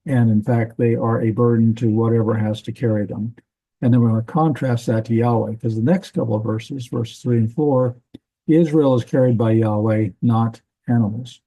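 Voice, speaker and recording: Mellow-voiced man teaching a class. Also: mid-range voice, low-quality recording. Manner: relaxed, explanatory, with fillers. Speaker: Bible language teacher. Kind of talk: classroom lecture.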